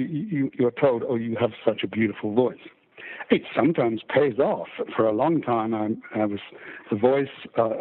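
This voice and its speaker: Older baritone narrator, mid-Atlantic accent, chatty and stammering, tinny phone sound. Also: male voice. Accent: mixed British-American. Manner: chatty, self-deprecating, frequent stammering restarts. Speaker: audiobook narrator guest. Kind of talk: casual interview chat.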